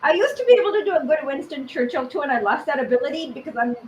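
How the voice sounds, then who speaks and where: A woman's voice: high-pitched, lively intonation, very fast, a little hiss or hum, rough recording. A woman co-hosting a podcast in casual chat, with frequent laughter and hesitant fillers. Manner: chatty, laughs often, many fillers and restarts. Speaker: podcast co-host. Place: living in Russia.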